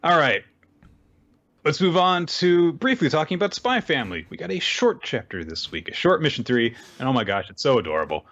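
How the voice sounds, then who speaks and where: A man co-hosting a casual manga recap podcast, retelling chapters with animated jumps into high character voices and frequent laughter. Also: fairly quick, muffled recording. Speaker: podcast co-host.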